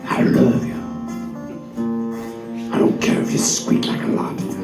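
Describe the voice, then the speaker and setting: A man doing an impression of a deep, crooning male soul singer, murmuring low breathy lines of seduction at a live gig. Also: a little slow, loud music behind the voice, natural voice. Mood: seductive. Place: live gig in an indoor brewery venue. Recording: roomy live venue sound.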